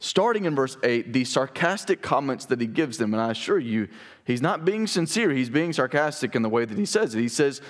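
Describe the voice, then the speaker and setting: A man's voice: medium pitch, very animated, brisk. A man preaching a sermon, reading scripture aloud and then talking it through conversationally, asking the congregation questions. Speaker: pastor.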